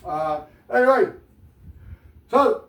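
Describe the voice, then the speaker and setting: A man's voice: sits high, animated, takes it slowly, fairly bright tone. Southern guy rambling and cussing, kinda far from the mic, room echo. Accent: Southern American. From American South. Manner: rambling, profane, digressive. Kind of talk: rambling monologue. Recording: echoey room, mic at a distance.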